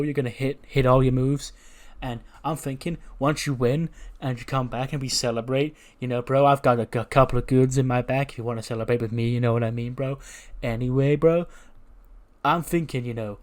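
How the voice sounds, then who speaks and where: A man's voice: mid-range voice, natural voice. A man voicing a laid-back stoner male wrestler who drawls and says "bro" constantly.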